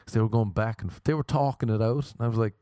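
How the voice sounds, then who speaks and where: A man's voice: medium pitch, fast talker, dark tone, dry recording, studio quality. An Irish man delivering a rambling, sardonic comedic rant.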